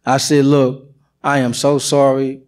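A man's voice: mid-range voice, monotone, unhurried, a little mellow. A middle-aged man giving an earnest, emotional personal testimony at church. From United States.

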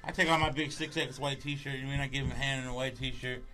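A man's voice: mid-range voice, steady tone, fast, rough recording. A man telling a rambling, profane story in casual chat, acting out his own lines as he goes. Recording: music playing in the background.

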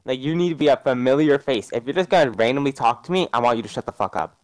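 A man's voice: mid-range voice, animated, quick pace, no echo. A teenage man in casual podcast chat, talking bluntly and swearing freely. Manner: blunt, profane.

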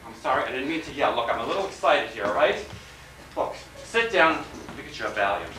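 A woman's voice: rumbling low, expressive, fast talker. A woman playing a blustering, exasperated husband. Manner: blustering, incredulous, yelling outbursts. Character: exasperated middle-aged husband, loud and blustering. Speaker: acting student. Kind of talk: stage scene in acting class. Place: classroom stage. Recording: roomy and distant, faint noise.

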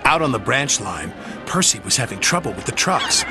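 A male narrator telling a children's storybook with a gentle, expressive delivery. His pitch moves a lot, and music plays underneath. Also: moderate pace. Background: background music.

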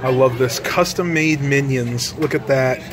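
A man's voice: mid-range voice, a little slow. A man vlogging outdoors at a street fair, chatty and upbeat as he talks to his viewers on a handheld camera. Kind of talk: casual vlog chat. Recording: crowd noise of an outdoor fair.

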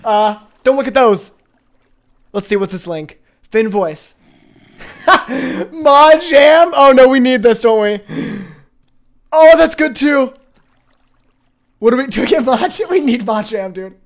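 A man streaming a game live, chatting with viewers, excitable and quick to laugh. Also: extremely high pitch. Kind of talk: live gaming stream chat.

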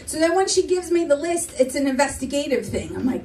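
A young woman performing a stand-up comedy set, animated and slipping into quick impressions of her family. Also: high voice, recorded from a distance, rough recording. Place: comedy club stage.

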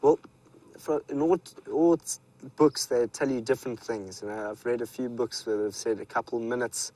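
A man with a South African accent presenting a live safari, telling stories and chatting with viewers in a relaxed way. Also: mid-range voice, moderate pace, rough recording. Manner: relaxed storytelling, speaks to viewers. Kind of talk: live wildlife commentary. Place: outdoors in the bush.

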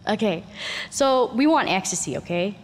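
A Canadian woman in her thirties, appearing as a guest in casual conversation, tells her story with lively intonation at a normal speed and a medium pitch. She swears a lot, laughs often, and acts out other people's voices. The room is echoey, with long reverb and faint noise.

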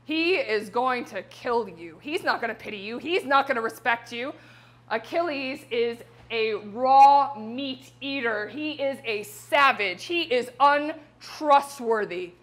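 A woman voicing a grieving queen mother who scolds her husband loudly and bitterly. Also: a little high. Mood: furious. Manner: shouting, scolding, raw with grief.

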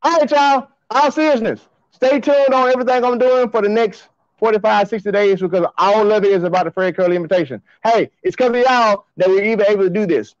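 A man hosting a track and field show, talking to his fans in an excited, slangy, repetitive way on a livestream. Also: high voice, a little fast, no room sound, highs cut off. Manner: hyped, hollering, slangy and repetitive.

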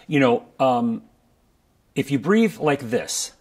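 A man teaching a breath-control exercise for brass players in a relaxed, conversational way, often checking in with the listener. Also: medium pitch, takes it slowly. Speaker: trombone coach. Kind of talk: instructional video talk. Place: his studio.

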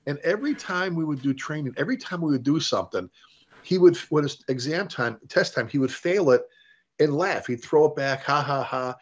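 A man's voice: fairly high pitch, fairly quick. A middle-aged man, a fire service leader, telling stories in an interview, acting out quoted dialogue and restarting his sentences often. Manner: animated storyteller, acts out quoted dialogue, frequent restarts. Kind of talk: conversational storytelling. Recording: dull lo-fi interview audio.

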